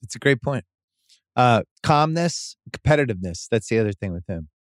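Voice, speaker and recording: A man's voice: mid-range voice, expressive, a little fast, no echo, studio quality. A man hosting a podcast in a casual conversation, blunt and swearing casually. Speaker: podcast host.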